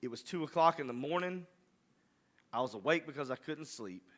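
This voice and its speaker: A man's voice: a little high, animated, a little fast, a bit bright. A man preaching a sermon, rising to impassioned, emphatic delivery. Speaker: pastor.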